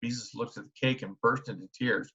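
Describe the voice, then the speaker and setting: A man narrating a children's book in a steady storytelling manner. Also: mid-range voice, brisk. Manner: steady storytelling with small restarts. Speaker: audiobook narrator. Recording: dull lo-fi recording.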